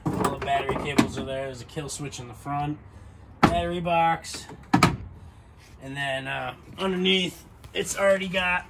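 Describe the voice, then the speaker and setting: Speaking at a moderate pace with vocal fry, a man whose voice sits on the high side rambles through a casual walkaround of his car in a small home garage. He's a garage vlogger who swears freely, and the background is noisy.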